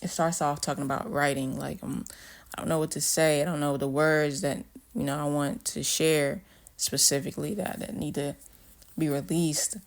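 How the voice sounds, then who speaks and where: A man's voice: fairly high pitch, little pitch movement, moderate pace, gravelly. A man casually explaining his own album track by track, rambling and reflective, with many fillers and restarts. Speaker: artist discussing his album. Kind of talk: casual spoken commentary.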